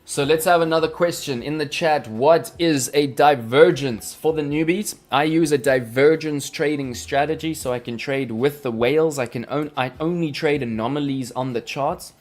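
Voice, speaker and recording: A man's voice: on the high side, moderate pace, hardly any pauses. A man hosting a casual live stream, teaching chart reading in a playful, jokey, chatty way with lots of fillers. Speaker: crypto trading livestream host. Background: faint background music.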